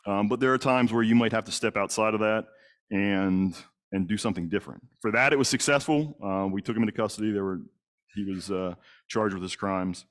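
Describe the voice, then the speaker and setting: Here a middle-aged man, a detective who also works as a crisis negotiator, recounts a story during a lecture to a congregation. He talks briskly in a fairly low voice, plain-spoken and full of fillers and false starts.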